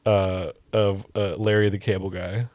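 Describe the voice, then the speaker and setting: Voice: deep voice, flat delivery, unhurried, darkish tone, no echo. A young adult co-hosting a podcast, casually teasing and prompting the other host. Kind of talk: casual chat.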